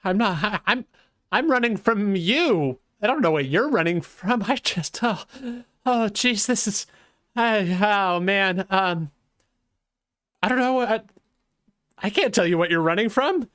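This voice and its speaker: A man's voice: high-pitched, lively intonation, measured pace, fairly bright tone, no room sound, studio quality, pitched above the performer's own voice. A man voicing a frightened male goblin guard who babbles and stammers nervously. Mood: panicky.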